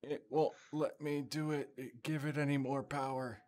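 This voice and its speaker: A man's voice: mid-range voice, steady tone, moderate pace, a little mellow, pitched above the performer's own voice, lightly acted. A man voicing a harried starship engineer with a put-on Scottish accent, strained and pleading.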